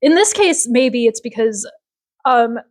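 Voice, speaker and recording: A woman's voice: on the high side, animated, a little slow, darkish tone. A woman co-hosting a podcast, casually recapping a TV episode in an opinionated, rambling way full of fillers. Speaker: podcast co-host.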